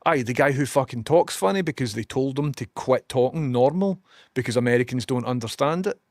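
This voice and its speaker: A man's voice: medium pitch, animated, brisk, dry recording, studio quality. A man with a Scottish accent chatting casually to his stream, swearing and joking as he tells stories and reads messages. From Scotland.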